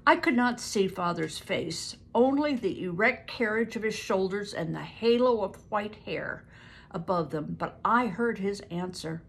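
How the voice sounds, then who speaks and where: An older woman reading a book aloud to family, pausing to explain words and stumbling over hard names. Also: mid-range voice, animated, creaky, breathy edge. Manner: stops to explain words and events.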